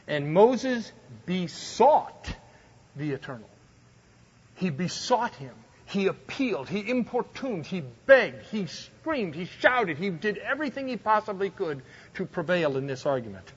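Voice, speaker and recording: A man's voice: high-pitched, very animated, unhurried, husky. A man teaching a Bible study, reading scripture aloud with dramatic emphasis and explaining it in a conversational way. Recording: dull lo-fi recording.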